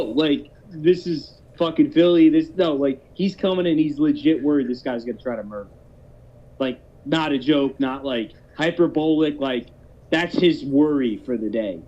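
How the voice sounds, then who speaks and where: A man's voice: mid-range voice, dark tone. Profane rambling man telling a story. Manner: rambling, profane, many restarts. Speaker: podcast host telling a story. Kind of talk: casual storytelling chat. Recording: dull lo-fi podcast audio.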